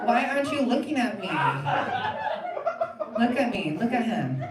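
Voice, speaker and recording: A young woman plays a flustered, giggly Southern girl star who rambles from one toy to the next and keeps losing her thread. Her voice sits a little high. The sound is echoey and far from the mic on a live stage, with a loud audience behind it. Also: expressive, measured pace, heavy background noise. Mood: flustered giddy. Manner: rambling, flustered, giggly, trails off mid-sentence. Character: giddy scatterbrained girl child star, obsessed with toys. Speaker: improv performer. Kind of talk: live improv comedy character. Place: theatre stage.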